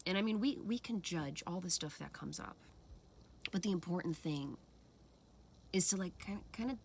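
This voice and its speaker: A woman with a lowish voice speaks in an earnest, casual, reflective way. She talks expressively and now and then acts out her own inner voices. Faint noise hums behind her. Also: moderate pace, gravelly, a little mellow. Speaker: speaker sharing personal practice. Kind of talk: casual reflective talk to camera.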